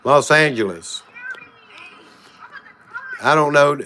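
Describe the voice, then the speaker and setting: Guy rambling on a livestream, bright clear kinda high voice, keeps talking to viewers. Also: slow, a little hiss or hum. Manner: rambling, frank, frequent "y'all". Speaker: channel host. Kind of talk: casual livestream talk.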